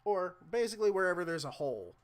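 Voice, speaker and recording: This motorcycle vlogger's voice sits high, swinging widely in pitch at a quick pace. The young man explains a repair casually to his camera mic as he works, rambling and self-deprecating throughout.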